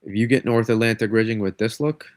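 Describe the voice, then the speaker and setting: Fighting a cold, this livestream weatherman talks fast and loosely, often backtracking and restarting his thoughts through congestion. His fairly low voice holds a steady tone, captured in clean studio sound with no echo.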